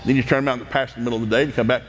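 A middle-aged man from East Tennessee, telling animated, folksy stories from his childhood, laughing often and acting out voices. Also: medium pitch, very fast, long reverb tail, a little hiss or hum. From East Tennessee, USA. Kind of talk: folksy anecdotal storytelling.

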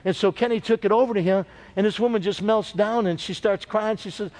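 A man with a notably high voice preaches a sermon as pastor, weaving long anecdotes together. He keeps turning to the congregation with calls for an amen, and his delivery is loose and conversational. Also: a little fast. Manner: storytelling preacher with call-and-response.

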